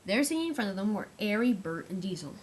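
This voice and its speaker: A woman's voice: mid-range voice, big pitch swings, fast talker, a little hiss or hum. A woman narrating a homemade toy-train story in a casual way, with small slips and restarts.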